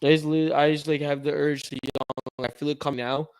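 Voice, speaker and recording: A man's voice: a little high, flat delivery, fairly quick, clear, resonant tone. A young man co-hosting a sports livestream, chatting casually and rambling while he waits for his partner, yawning now and then. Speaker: podcast co-host.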